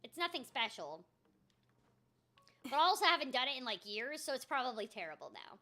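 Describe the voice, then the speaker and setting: A young woman with a high, bright voice talks her way through a game, chatty and self-mocking. Her pitch swings a lot as she mutters to herself. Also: sing-song, a little fast, soft background music. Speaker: voice actor streaming a game. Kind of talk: casual gameplay chat.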